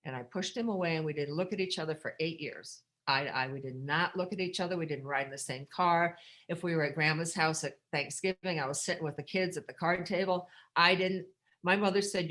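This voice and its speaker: A middle-aged American woman speaking at a recovery workshop, telling her own story in a candid, rambling way with dark humor and many restarts. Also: sits low, a little fast. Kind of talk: personal storytelling share.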